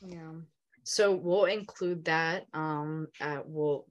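A woman's voice: low-pitched, fairly even intonation, takes it slowly, highs cut off. A young adult woman co-hosting a podcast, talking candidly and emotionally in casual chat with some swearing. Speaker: podcast co-host.

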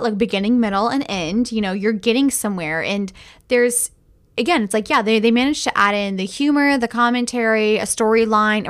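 A woman co-hosting a movie review podcast, chatty and emphatic, swearing casually as she talks. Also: on the high side. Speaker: podcast co-host.

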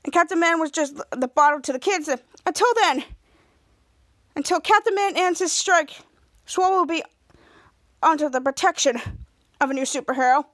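Her voice is fairly bright and she talks fairly quickly, recorded dry with studio quality. As a podcast host doing a laid-back recap, she retells a TV episode scene by scene, acting out lines with a lifted pitch and restarting herself a lot.

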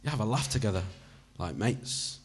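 A man reads a story aloud, addressing the listener as "you." His voice is somewhat low and husky. He keeps a conversational tone with the odd swear. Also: lively intonation, moderate pace. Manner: second-person narration, conversational, swearing. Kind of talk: audiobook reading.

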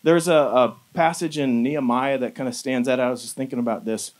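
A pastor preaching a casual, conversational sermon, animated and sprinkled with fillers. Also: male voice, mid-range voice, brisk.

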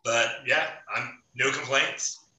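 A man who is a podcast guest, speaking in a relaxed way with hesitant fillers. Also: medium pitch, slow pace, roomy sound, distant mic, low-quality recording. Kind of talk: casual podcast chat.

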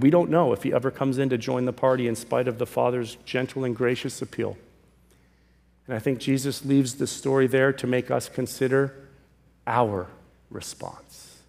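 A male pastor preaching a sermon, emphatic, swinging from loud calls to hushed pleas. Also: mid-range voice, a little fast, gravelly. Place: church sanctuary. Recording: long reverb of a large hall.

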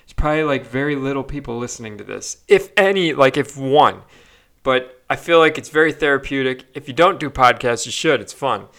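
A man's voice: mid-range voice, animated, fairly quick, fairly bright tone. A young man ranting on a solo podcast, swearing often and stumbling through fillers and restarts. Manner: profane, frustrated ranting with frequent fillers and restarts. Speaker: podcast host.

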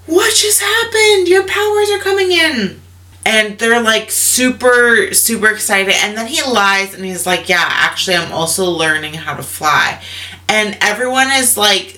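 A woman casually retelling a story, chatty with lots of fillers and animated quotes. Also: on the low side.

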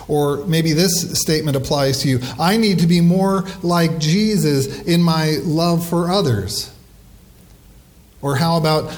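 A middle-aged man, a pastor, preaching a sermon and slowing down to stress key phrases. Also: on the high side, a little mellow.

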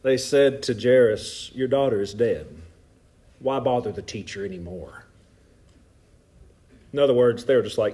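A man with a Southern Appalachian accent, preaching a sermon in a folksy, animated way with asides to the congregation. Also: medium pitch, normal speed, pauses often. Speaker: pastor. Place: church.

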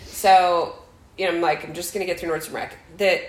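A woman's voice: lowish voice, a little fast, echoey room, rough recording. A middle-aged woman telling a family story in casual chat, acting out quotes with laughter. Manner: animated, acts out quotes with laughter.

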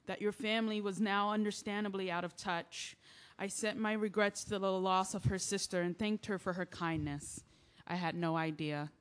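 A woman's voice: mid-range voice, natural voice. A woman playing a grieving young woman who tells her story in earnest, confessional letters, in an audio drama reading. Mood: determined. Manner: earnest, confessional, rising to yelling. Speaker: narrator and lead.

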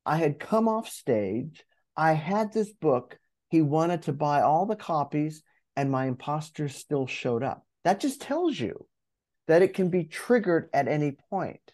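A man who coaches and speaks in public, telling a story as an interview guest, animated and acting out his inner voice, with many restarts. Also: a little high, a little slow. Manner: animated, acts out inner dialogue.

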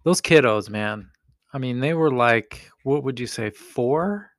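A man's voice: mid-range voice, animated, unhurried, no echo, studio quality. A middle-aged man co-hosting a casual family podcast with his young daughter, playful and joking, laughing often. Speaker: podcast co-host, father.

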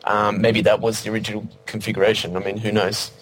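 A man in a casual music review chat, talking in a relaxed, measured way with many fillers. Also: on the low side, slightly rough. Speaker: podcast co-host.

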